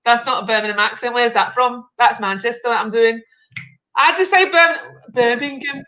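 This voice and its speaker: A woman's voice: fairly high pitch, expressive, fairly quick, sharp tone, low-quality recording. A woman hosting an online quiz show on a video call, playful and bantering, laughing often. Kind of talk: livestream game show hosting.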